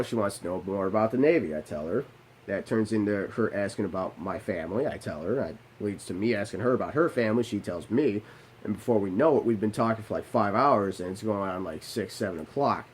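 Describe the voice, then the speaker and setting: A man's voice: on the low side, breathy edge. A young man telling a personal story casually, with blunt swearing and self-mocking asides. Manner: profane, self-deprecating, animated asides.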